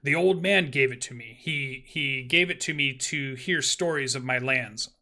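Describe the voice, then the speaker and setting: A big, furry, bear-like creature, put on by a man running a tabletop game, gentle and curious. The voice is gruff and gravelly, with a halting, slightly mechanical cadence. It comes through bright and forceful. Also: mid-range voice. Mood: eager. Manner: halting, wondering, translated-sounding cadence.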